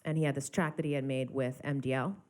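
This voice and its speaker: A woman songwriter and producer telling stories in a casual interview, animated, joking and self-deprecating. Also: rumbling low, quick pace. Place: studio interview set.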